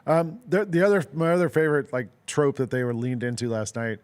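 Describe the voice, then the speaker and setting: A man's voice: mid-range voice, animated, fairly quick, darkish tone. Rambling man chatting about wrestling. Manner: rambling, heavy on "like" and "um" fillers; amused storyteller. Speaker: sports radio co-host. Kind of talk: casual sports talk chat.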